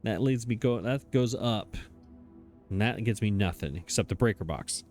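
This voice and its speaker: Soft music plays behind a man hosting a let's play, whose fairly low, darkish voice moves at a moderate pace. He talks casually into his desk microphone, working things out aloud, pausing hesitantly and chuckling at himself.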